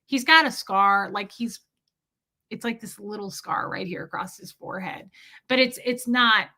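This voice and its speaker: Woman, livestream host, candid animated storytelling, greets chat viewers, bright tense voice. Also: mid-range voice, moderate pace.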